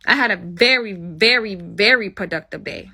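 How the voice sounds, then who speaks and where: A woman's voice: mid-range voice, moderate pace, vocal fry, bright, forceful tone, slightly rough. A woman hosting her own livestream and ranting at her viewers, blunt and heavy with swearing. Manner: blunt, profane, confrontational. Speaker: livestream host. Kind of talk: angry livestream rant.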